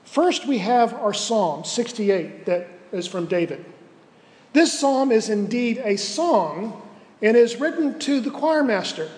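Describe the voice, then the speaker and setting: A man with a notably high voice delivers a sermon from the pulpit. He is earnest and measured and slows down on points of emphasis. His words ring out with a long hall reverb. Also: animated, darkish tone, a little hiss or hum. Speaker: pastor.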